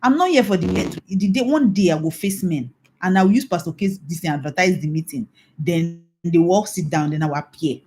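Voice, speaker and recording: Emphatic Nigerian woman pastor, mellow voice. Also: fairly low pitch, lively intonation, brisk, slight background noise. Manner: emphatic, scolding, repeats warnings. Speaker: pastor and infidelity recovery coach. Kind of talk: mentoring talk, preaching.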